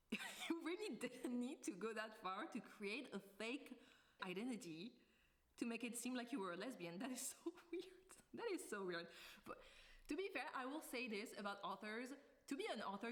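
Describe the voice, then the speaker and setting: A woman book vlogger talking to camera in a casual, chatty way, drifting into tangents and laughing often. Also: on the high side.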